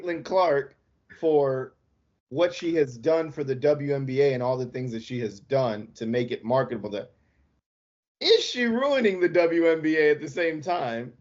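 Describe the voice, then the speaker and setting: A man's voice: fairly high pitch, normal speed, darkish tone, highs cut off. A man co-hosting a sports podcast, joking and teasing in casual talk. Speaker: podcast co-host.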